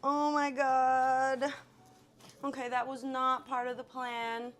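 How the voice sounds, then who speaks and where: A woman live streaming while she cooks, chatting casually to her viewers, flustered, swearing and talking herself back into calm. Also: high voice, slow.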